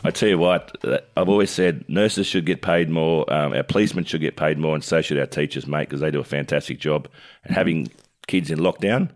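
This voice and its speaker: A man's voice: rumbling low, a little fast. A middle-aged Australian man, a former cricketer co-hosting a sports show, talking in a laid-back, drawling way and chuckling often. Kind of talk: casual sports chat.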